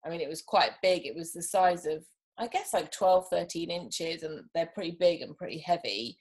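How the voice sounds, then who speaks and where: A woman with a lowish voice speaks as an interview guest in a relaxed conversation. She talks in an unhurried, thoughtful way and often pauses on an um. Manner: thoughtful, unhurried, with frequent ums. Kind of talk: casual chat.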